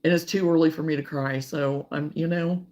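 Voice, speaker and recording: A woman hosting a casual crochet livestream, chatting warmly and reading out viewer comments, sometimes close to tears. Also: low voice, fairly even intonation, moderate pace, a little hiss or hum. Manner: warm, emotional, reads viewer comments aloud.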